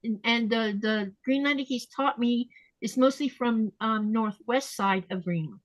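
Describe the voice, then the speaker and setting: Hosting a casual podcast chat, a talkative woman with a somewhat high-pitched voice takes her time spelling out how words are pronounced and repeats them with care. It sounds close-miked and dry, with no echo from the room.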